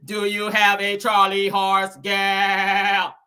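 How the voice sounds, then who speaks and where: A woman voicing a lewd male Martian with a slow, flat, robotic drawl. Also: medium pitch, clear, resonant tone, soft background music. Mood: slow seductive. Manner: slow, flat, drawn-out delivery.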